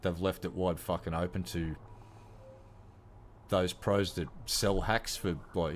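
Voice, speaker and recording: A low-pitched Australian man in his fifties rants to camera, blunt and heavy with swearing. A faint hum of noise sits under his voice. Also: steady tone, takes it slowly, pauses often. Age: 50s. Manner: blunt, heavily profane ranting. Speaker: gaming vlogger. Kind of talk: casual rant to camera.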